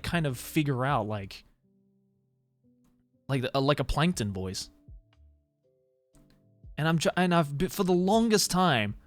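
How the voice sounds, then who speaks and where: Animated male streamer chatting. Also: a little high, dry recording. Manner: animated, laughs often, casual swearing, heavy "like" fillers. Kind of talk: casual live-stream chat. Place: home streaming room, Tokyo.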